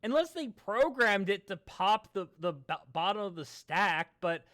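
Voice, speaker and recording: A man chatting casually and reading a webcomic aloud, often bursting into loud theatrical readings. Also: high voice, lively intonation, measured pace. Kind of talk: casual chat and comic read-along.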